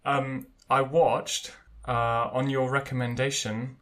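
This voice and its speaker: A man's voice: medium pitch, level tone, slow, a bit bright. A man co-hosting a podcast in casual chat, chatty and hesitant with many fillers. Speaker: podcast co-host.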